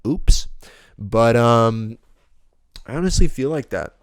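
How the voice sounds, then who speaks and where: Young man, solo podcast rant, swears a lot, smooth clear voice, dry close sound. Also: medium pitch, expressive, takes it slowly, no room sound. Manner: profane, blunt, rambling. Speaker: podcast host.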